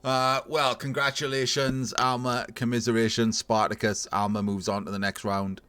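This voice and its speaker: A man casually commentating a video game tournament match, analysing plays in a relaxed, thinking-aloud way. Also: medium pitch, moderate pace, clean tone, no room sound. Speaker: tournament caster.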